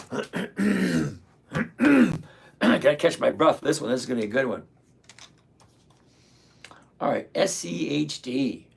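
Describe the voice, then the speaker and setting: A man's voice: mid-range voice, creaky, husky. A man in his sixties hosting a casual live stream, blunt and ranting, greeting viewers by name. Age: 60s. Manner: blunt, ranting, self-mocking.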